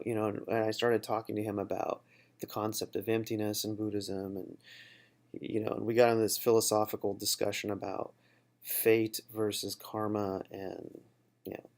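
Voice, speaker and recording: A man's voice: on the low side, vocal fry, a little mellow. A man telling a personal story in a reflective, conversational way while discussing a book. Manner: reflective, conversational, with fillers and restarts. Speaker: book study host.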